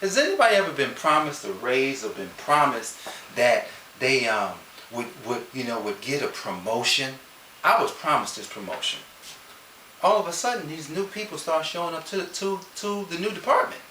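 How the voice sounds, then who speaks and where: A man speaking as a motivational speaker, telling a personal story in a lively, conversational way and putting questions to his listeners. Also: medium pitch, moderate pace. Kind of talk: animated personal storytelling to an audience. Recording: roomy sound from a distance with faint hiss.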